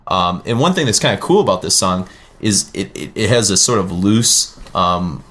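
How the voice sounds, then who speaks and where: A man's voice: low-pitched, expressive, normal speed, a bit bright. A man hosting a casual music talk show, rambling and correcting himself with wry asides. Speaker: podcast host; teacher.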